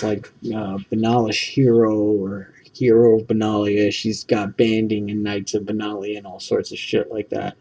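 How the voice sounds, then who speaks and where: A man rambles through a stack of trading cards, stopping for ums and second thoughts. His voice is gravelly and dark. The mic sits some distance away. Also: lowish voice. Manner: rambling, full of ums and self-corrections. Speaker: card-opening video host. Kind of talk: casual card-opening commentary.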